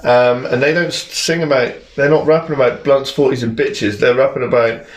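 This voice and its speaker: Young male musician, middle pitch, candid rambler, roomy echo. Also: steady tone, a little fast. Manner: candid, rambling storyteller, swears freely. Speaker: musician guest. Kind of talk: casual podcast chat.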